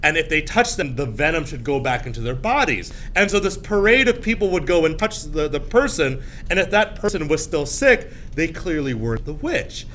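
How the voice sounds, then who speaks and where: A male teacher giving a classroom lecture, animated, often jumping into high shrill voices to act out scenes. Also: moderate pace, few pauses, slight background noise. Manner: animated, acts out shrill voices of frightened girls.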